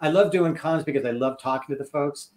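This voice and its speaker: A middle-aged man, a podcast guest and author, chatting casually and telling stories with lively acted-out quotes. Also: fairly high pitch, brisk. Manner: animated storyteller acting out quoted voices. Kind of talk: casual chat.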